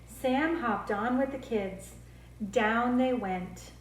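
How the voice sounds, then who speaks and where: A woman speech therapist reading picture books aloud to children, slow, clear and expressive. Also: on the high side, slight background noise. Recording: roomy echo.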